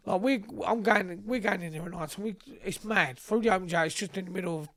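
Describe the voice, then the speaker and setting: A young man tells stories in a loose, casual chat. His voice sits high, and he swears freely as he acts out both sides of each exchange. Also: fast, a bit bright. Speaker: podcast guest. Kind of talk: casual storytelling.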